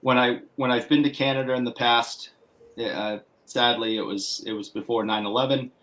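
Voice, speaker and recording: A man's voice: medium pitch, fairly even intonation, moderate pace, a bit bright. Man with a Boston accent, rambling. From Massachusetts. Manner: rambling anecdotal storytelling with restarts. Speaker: guest. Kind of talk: casual livestream chat.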